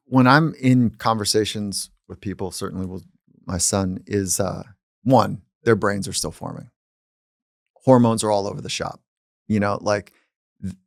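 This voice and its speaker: A man with a low voice and a gravelly grain talks calmly and thoughtfully, as though explaining an idea to a friend. The sound is close and dry, with no room around it. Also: no room sound. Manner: calm and reflective, speaking at length. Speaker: psychologist and podcast host. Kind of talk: casual conversation.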